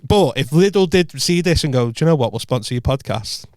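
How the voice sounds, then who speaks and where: A man's voice: on the high side, lively intonation, a little fast, a little mellow, no room sound, clean studio sound. A man who is a comedian hosting a podcast, telling stories in a laid-back, sweary way. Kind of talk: casual chat.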